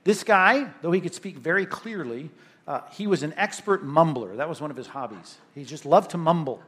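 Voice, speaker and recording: A man's voice: a little high, lively intonation, normal speed, a bit bright. A male pastor preaching a sermon in an emphatic, conversational way, often checking in with "right?".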